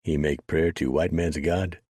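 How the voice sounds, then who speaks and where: A man doing a terse warrior with halting speech. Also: very deep voice, steady tone, a little mellow, husky, dry recording, studio quality, voice pushed up, exaggerated voice. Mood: curious. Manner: halting broken English, blunt questions.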